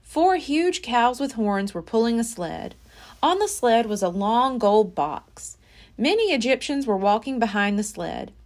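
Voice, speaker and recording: A woman's voice: a little high, big pitch swings, unhurried. A woman library storyteller reading a children's chapter book aloud with expression. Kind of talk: children's read-aloud narration.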